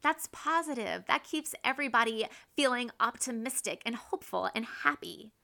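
A woman in her thirties hosting a casual, faith-based parenting talk, earnest and quick to act out her own everyday examples. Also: a little high, lively intonation, gravelly, sharp tone. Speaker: podcast host and mother.

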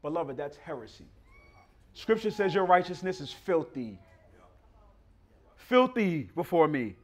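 Male preacher, sermon delivery, lively swooping voice, emphatic and chatty. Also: high-pitched. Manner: emphatic, conversational, addresses listeners as beloved.

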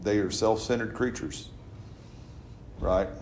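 A middle-aged man with a fairly low voice teaches his congregation in a loose, conversational style, chuckling often and checking in with "right?". His voice carries a roomy echo, as if in a church hall. There is a faint hum of noise under it. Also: slow, darkish tone. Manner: chatty, laughing, keeps asking "right?". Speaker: pastor leading a Bible study. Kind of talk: informal teaching with congregation replies.

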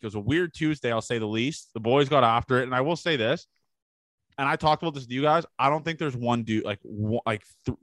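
A man's voice: medium pitch, a bit bright, no echo. A man on a podcast telling rambling party stories in casual chat, swearing often and acting out what people said. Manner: rambling storyteller, swears a lot, acts out quotes. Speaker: podcast co-host.

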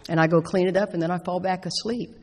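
A middle-aged woman giving a personal recovery talk to an audience, animated and emphatic, repeating phrases for stress. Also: lowish voice, quick pace. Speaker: speaker at a recovery convention. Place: large indoor meeting hall. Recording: reverberant hall.

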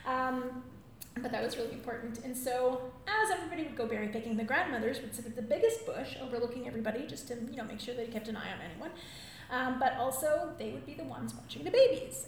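Animated, laughing woman telling stories. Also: sits high, quick pace, slight background noise. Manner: animated, laughing, acts out voices. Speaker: storyteller and drum circle leader. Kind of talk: storytelling talk to a live audience. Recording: very echoey room, faint ambience.

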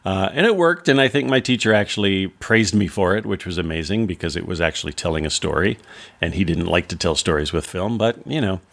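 Wry low-voiced man telling stories. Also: brisk, vocal fry, fairly bright tone. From Wisconsin. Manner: wry, incredulous anecdote telling. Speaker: podcast host. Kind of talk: storytelling monologue.

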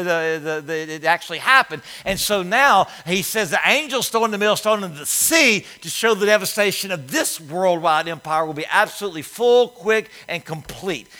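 A man preaching a sermon as pastor, swinging between loud emphatic lines and hushed ones. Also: high voice. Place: church sanctuary.

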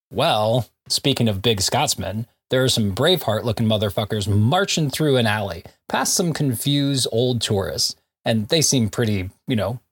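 A man's voice: fairly low pitch, breathy edge. A man co-hosting a comic book podcast, recapping issues in a casual, jokey way with frequent laughs and asides. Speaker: podcast co-host.

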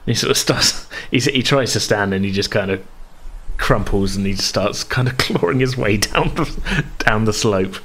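A man narrating as game master of a tabletop game, relaxed and rambling. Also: on the low side, normal speed. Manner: relaxed, rambling, hedging with fillers.

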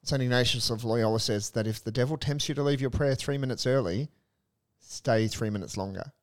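A young adult male priest in casual faith discussion, earnest and animated, telling stories with a touch of humor. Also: mid-range voice, brisk. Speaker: Catholic priest, co-host.

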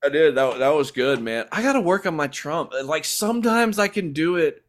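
A man's voice: a little high, animated, normal speed. A man co-hosting a podcast in casual chat, thinking aloud and poking fun at himself. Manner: chatty, self-deprecating, thinks aloud with fillers. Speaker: podcast co-host.

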